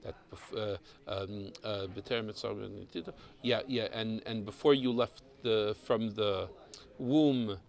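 A man with a teaches a Torah class, moving slowly through each verse. His voice has a gravelly, creaky texture, and he often stops to repeat a word while he thinks. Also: fairly low pitch, steady tone. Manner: explains Hebrew text, mixes Hebrew and English terms.

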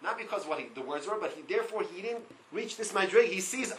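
High, bright-voiced male Torah teacher. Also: fast, slight background noise, poor audio. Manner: reads Hebrew text and translates line by line; animated, repeats words. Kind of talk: Torah class.

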